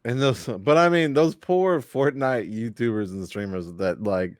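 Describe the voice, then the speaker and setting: A man's voice: mid-range voice, measured pace, no echo. Man, podcast host, casual, swearing, reads chat, dry close sound. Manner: loose, swearing, laughs often. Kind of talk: casual chat, reading chat comments aloud.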